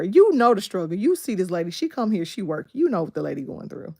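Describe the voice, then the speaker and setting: A woman's voice: medium pitch, big pitch swings, quick pace, creaky, hardly any pauses, dark tone. A woman, hosting a casual livestream chat, laughing often and talking back animatedly to her viewers. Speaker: livestream host. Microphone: phone.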